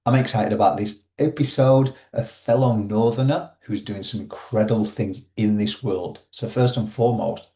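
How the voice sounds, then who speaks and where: A man's voice: lowish voice, mellow. Chatty Yorkshire man in a roomy space. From Yorkshire, England. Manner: chatty, says "mate" often. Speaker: podcast host. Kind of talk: casual interview chat.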